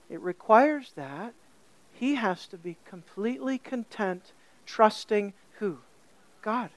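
Her sermon is lively and her pitch medium, with no room sound in the recording. The woman questions her listeners directly and lingers slowly over key words for emphasis.

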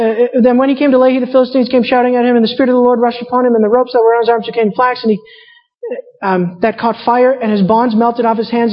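Woman preaching in an echoing hall. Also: a little high. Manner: paraphrases characters in casual voices. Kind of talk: sermon with scripture reading. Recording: muffled sound in a reverberant hall.

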